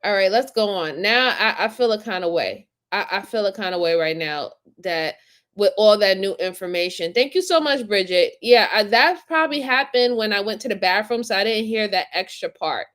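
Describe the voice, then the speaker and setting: A woman hosting a live stream, reacting to crime footage with animated, indignant commentary and talking to her chat viewers. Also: mid-range voice, moderate pace. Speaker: host reacting to crime videos.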